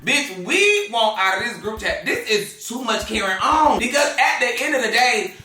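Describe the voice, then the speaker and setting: A man's voice: extremely high pitch, big pitch swings, normal speed, pushed and bright. A man hosting a gossip show, talking sassy and exclaiming, laughing often. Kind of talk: casual drama commentary. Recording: echoey room, distant from mic, faint music.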